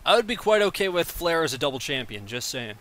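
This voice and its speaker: A man calls a wrestling video game match in casual play-by-play, with a high, bright voice. He is excitable and jokey, laughing between calls. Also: quick pace. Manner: excitable, laughs often, stumbles over numbers.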